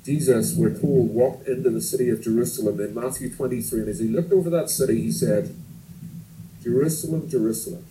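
A man's voice: medium pitch, fairly quick, dark tone, low-quality recording. A man in his thirties preaching a sermon, telling stories and asking earnest rhetorical questions.

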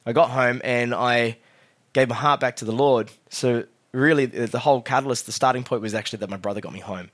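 A young man giving a sermon as a guest preacher, telling his own story quietly and then rallying the congregation loudly. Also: brisk. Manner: drops soft and low for the story, then loud and rousing with the crowd. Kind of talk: sermon with personal testimony. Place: church hall.

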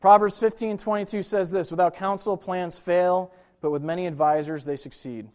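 A young adult male pastor with a notably high-pitched voice gives a sermon in a loose, conversational style. He talks to the congregation like friends, dropping in "right?" and "you know" as he goes. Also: steady tone, normal speed, darkish tone.

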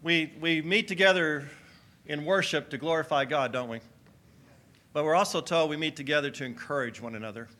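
Energetic high-voiced man preaching a sermon. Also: fairly quick. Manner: energetic, calls on the congregation to shout answers. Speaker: pastor. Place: church sanctuary.

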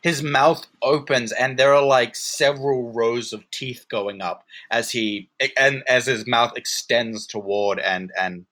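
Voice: mid-range voice, unhurried, few pauses, a bit bright. A podcast co-host chatting casually and expressively, laughing often and swearing freely. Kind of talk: casual chat.

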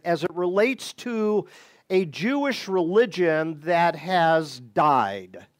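A man with a notably high voice walks listeners through a Bible passage. He takes his time, speaking in a measured, deliberate way, then leans hard into key words. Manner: deliberate, with bursts of emphasis. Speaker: Bible teacher.

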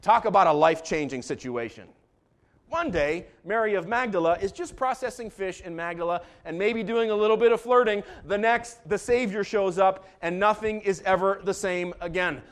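A man preaching a sermon as pastor, joking and animated, moving between calm asides and loud bursts. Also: high voice, moderate pace.

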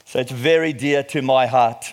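A middle-aged man preaching a sermon, reading scripture slowly and with emphasis before explaining it. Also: mid-range voice. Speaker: pastor.

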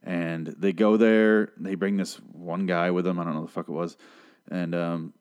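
A man's voice: low voice, level tone, normal speed, a little mellow, clear, resonant tone, dull audio. A man hosting a podcast, recapping a TV show in a rambling, sarcastic, profane solo rant.

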